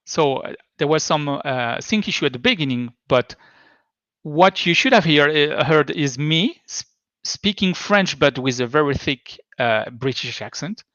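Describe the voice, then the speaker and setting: A man's voice: a little high, animated, unhurried, a bit bright, dry recording. A man giving a tech talk presentation, explaining in a hesitant, stop-start way. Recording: dull lo-fi dry sound.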